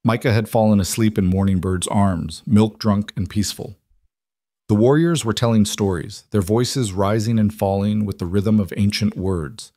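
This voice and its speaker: A man narrating a scripted western story in even, steady storytelling. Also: lowish voice, normal speed, dry recording, studio quality.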